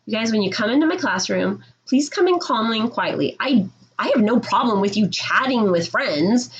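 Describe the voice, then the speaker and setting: A woman's voice: mid-range voice, expressive, normal speed, muffled recording. A woman teaching middle school, explaining classroom rules to her students in a firm, direct way and checking in with "okay?".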